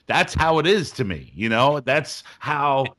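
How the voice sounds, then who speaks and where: A man's voice: medium pitch, big pitch swings, measured pace, a bit bright. A man hosting a movie podcast, casually asking the others questions and steering the discussion. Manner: steers the talk, asks questions. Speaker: podcast host. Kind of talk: casual movie review chat.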